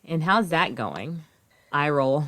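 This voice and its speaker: A woman in her thirties co-hosting a podcast, talking in a loose, chatty way. Her voice sits a little low, and she is expressive and swears freely, getting louder and then quieter as she goes. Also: takes it slowly. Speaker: podcast co-host. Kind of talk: casual chat.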